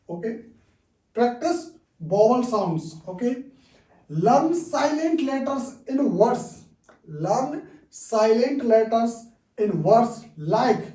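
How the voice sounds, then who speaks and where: A man teaches English at a very unhurried pace, repeating words to drill them and tacking "okay?" onto almost every point. His voice sounds mellow and dark. He is recorded from some distance in a roomy, echoey space. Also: very high-pitched. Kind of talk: online language lesson.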